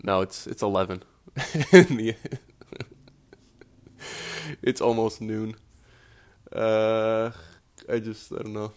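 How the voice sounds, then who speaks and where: A man's voice: lowish voice, steady tone, takes it slowly, long pauses. A man hosting a casual solo podcast, with a groggy morning voice, self-deprecating and swearing casually. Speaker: podcast host.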